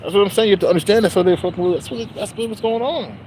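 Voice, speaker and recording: Man, fairly high-pitched, rambling street-side storytelling vlog, swears constantly, light background noise. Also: quick pace, darkish tone, low-quality recording. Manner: profane, rambling, lots of filler phrases. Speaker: vlogger. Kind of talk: casual storytelling rant.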